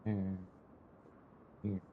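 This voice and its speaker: A man's voice: drawn-out words, narrow, tinny audio, slight background noise. A man casually talking to himself while playing a farming game, rambling and now and then ranting in disbelief. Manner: talks to himself, rambling, flares into exasperated rants. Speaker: gaming streamer. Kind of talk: casual gameplay commentary.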